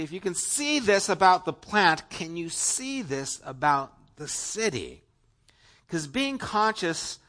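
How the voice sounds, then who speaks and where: A male pastor preaching an earnest, conversational sermon, talking straight to the congregation and swinging between emphatic lines and hushed asides. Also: on the high side.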